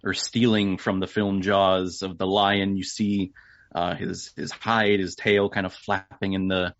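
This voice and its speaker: A fairly low-pitched man talks casually on a film podcast, recapping scenes from his notes with playful asides. The mic sounds dry and close, with a slightly dull, lo-fi tone. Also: flat delivery, a little slow, a bit bright, dry recording. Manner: walks through the plot from notes with playful asides. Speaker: regular podcast guest.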